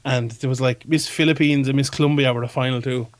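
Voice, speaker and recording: A man's voice: medium pitch, steady tone, quick pace, dry recording. A man co-hosting a podcast over a remote call, chatting casually and often stammering as he restarts. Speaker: podcast co-host. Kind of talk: casual chat. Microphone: remote call with a shaky internet connection.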